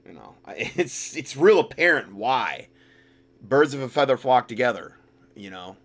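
A man co-hosting a talk radio show, cutting in with forceful quick asides. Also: medium pitch, big pitch swings. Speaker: radio co-host.

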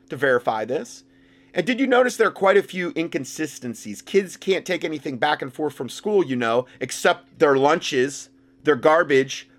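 A man giving sarcastic commentary while reading documents, mocking the text and rising to loud outbursts. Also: fairly high pitch. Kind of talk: sarcastic commentary with read-out passages.

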